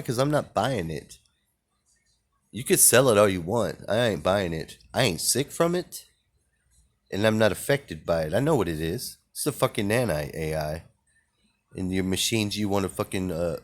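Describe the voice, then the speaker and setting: A man with a very low, deep voice rambles through a defiant, profanity-laced monologue. He jumps from one thought to the next and swears constantly as he rants. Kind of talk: ranting monologue.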